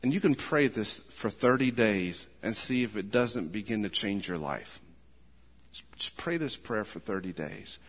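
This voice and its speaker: A man preaching a sermon as pastor, rising to fervent, emphatic peaks and dropping back to a quiet, close tone. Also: fairly low pitch, measured pace, slightly rough, long reverb tail. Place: church.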